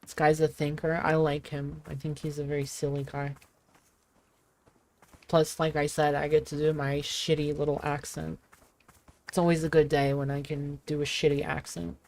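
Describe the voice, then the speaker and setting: A woman's voice: low voice, flat delivery, moderate pace, darkish tone. A woman streamer giving casual, offhand commentary on a game, swearing freely and laughing.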